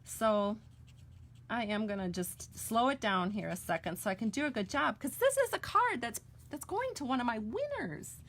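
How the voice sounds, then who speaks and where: A woman's voice: fairly high pitch, animated, normal speed, a bit bright. A middle-aged woman with an American accent, chatting casually and correcting herself as she demonstrates card-making step by step. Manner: chatty, homey and self-correcting while coloring. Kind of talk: casual crafting tutorial with chat.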